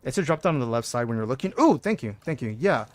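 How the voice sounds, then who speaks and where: A man streaming a game live, chatting excitedly and answering messages from his chat. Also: medium pitch, fast talker, no echo. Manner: excitable, chatty, keeps saying "dude". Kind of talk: casual live gameplay commentary.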